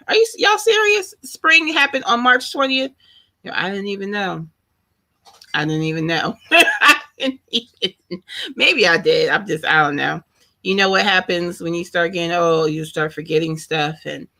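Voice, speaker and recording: A woman business coach opens her weekly live training in a casual, bubbly way, calling out to viewers as they join. Her voice is bright and forceful, sitting at a middle pitch. She talks like an excitable friend more than a lecturer. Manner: bubbly and excitable, greets viewers by name, laughs often. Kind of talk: casual live-stream welcome chat.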